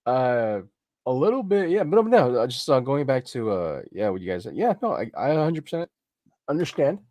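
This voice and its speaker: Podcast co-host, man, mid-pitched, casual chatter, dry close sound. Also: big pitch swings, fairly quick, a little mellow, no echo. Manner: casual, peppers talk with "right?" and "like". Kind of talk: casual chat.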